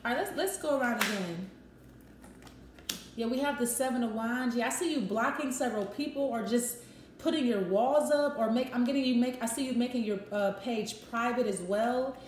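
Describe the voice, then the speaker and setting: Chatty woman reading tarot cards. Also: fairly high pitch. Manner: thinks aloud, acts out quick quoted voices. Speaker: tarot reader. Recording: echoey room with faint noise.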